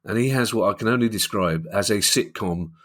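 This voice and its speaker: Brief: London co-host, low voice, anecdotal and playful. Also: male voice, brisk, a bit bright. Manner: jokey storytelling, laughs often. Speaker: podcast co-host. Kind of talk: casual chat.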